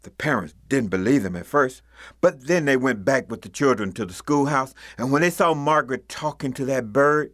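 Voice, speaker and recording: A man telling a ghost story, swelling loud for the mob's cries and sinking to near-whispers. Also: medium pitch, lively intonation, moderate pace, dry recording, studio quality.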